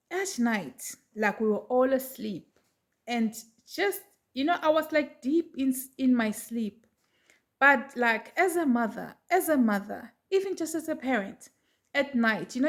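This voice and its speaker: A middle-aged woman telling a personal story to her viewers in a chatty, animated way. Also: a little high. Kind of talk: casual storytelling to camera.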